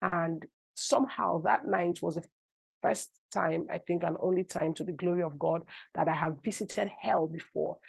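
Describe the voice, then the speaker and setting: A middle-aged woman, an apostle and preacher, delivers a sermon full of personal testimony, telling stories animatedly until they rise to cries. Her voice sits on the low side, creaky and husky, at a normal speed. The recording has no echo.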